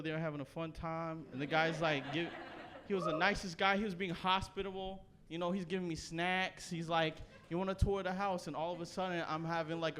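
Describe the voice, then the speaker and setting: A young Canadian man performing a stand-up set, telling a loose, profane story with animated bursts. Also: a little high. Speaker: stand-up comedian. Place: comedy stage before a live audience.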